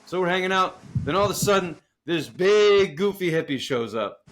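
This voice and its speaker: Animated, profane male storyteller. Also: high voice, normal speed. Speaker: podcast co-host. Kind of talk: casual storytelling chat.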